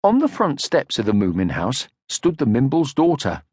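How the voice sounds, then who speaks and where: A man reading a children's storybook aloud in an expressive, gently paced way, close to the mic. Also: mid-range voice, normal speed, breathy edge, dry recording. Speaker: audiobook narrator. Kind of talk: scripted storybook narration. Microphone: close studio mic.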